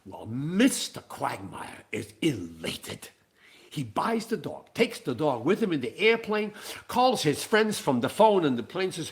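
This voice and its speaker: Man, animated comic storyteller, fairly high, very lively voice. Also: a little slow. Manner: animated, playful joke-telling. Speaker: singer-songwriter and storyteller. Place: living room.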